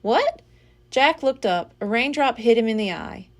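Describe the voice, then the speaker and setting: A woman reading a children's book aloud as a library storyteller, with an expressive, dramatic delivery. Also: on the high side, moderate pace.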